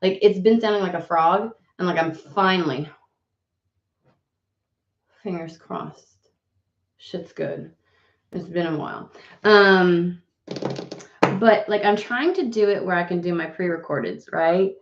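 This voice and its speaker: A woman's voice: lowish voice, a little slow, long pauses. A woman hosting a casual tarot live stream from home, chatting in a rambling way and swearing freely as she talks into a webcam. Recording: roomy, slightly dull home webcam audio.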